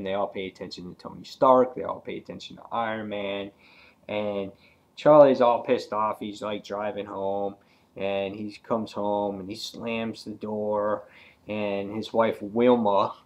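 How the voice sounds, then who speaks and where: A man's voice: lowish voice, a little mellow. A man casually reviewing an old comic book, hesitant and full of ums.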